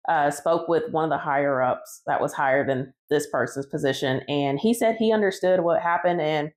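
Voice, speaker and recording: A woman's voice: sits low, moderate pace, darkish tone. A woman who bakes cakes, recounting her story casually in a conversational vlog. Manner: casual, conversational, retelling dialogue. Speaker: home cake baker telling her story.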